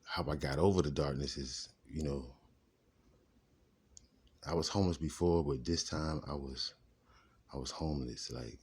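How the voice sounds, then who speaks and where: A man's voice: a bass voice, normal speed, pauses often, a little mellow, breathy edge. A man telling his life story in a rambling, casual way, drifting off topic and restarting his sentences. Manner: rambling, digressive, restarts often.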